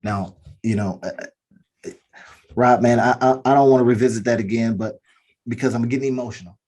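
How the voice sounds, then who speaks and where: Earnest husky man preaching business lessons. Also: mid-range voice, steady tone, fairly quick, darkish tone. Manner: earnest, preachy, repeats key phrases. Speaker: podcast co-host. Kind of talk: motivational business talk.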